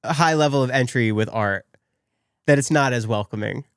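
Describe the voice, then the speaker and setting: A man hosts a podcast interview, asking his guest short, curious questions and laughing easily. His voice is smooth and clear at a middle pitch. The recording is dry, with no room sound. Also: normal speed, dry recording. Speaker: podcast host.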